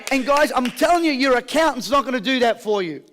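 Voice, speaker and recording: This motivational speaker has a very high voice and a quick pace, and the audio carries a little hiss or hum. Live on stage, he pulls energetic call and response from the audience and tells jokey stories.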